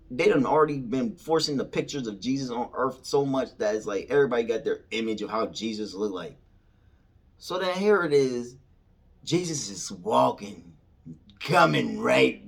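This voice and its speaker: A man telling a personal story in casual slang, swinging from loud excitement to hushed whispers. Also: medium pitch, moderate pace, slightly rough. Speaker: storyteller recounting a vision.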